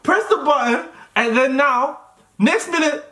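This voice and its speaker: An adult, telling a birth story in casual chat as the birth partner, animated, acting out what others said. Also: sits high, unhurried. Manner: animated storyteller, acts out quotes, laughs often.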